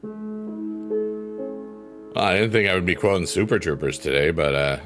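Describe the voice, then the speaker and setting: A middle-aged man with a low voice talks fast as he hosts a livestream, chatting casually and reading comments aloud in a goofy, joking way. Soft piano music plays in the background.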